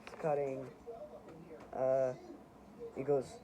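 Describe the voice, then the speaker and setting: A man's voice: mid-range voice, completely flat delivery, slow pace, crowd noise, poor audio. A man casually reading through his own homemade comics, rambling and correcting himself as he goes.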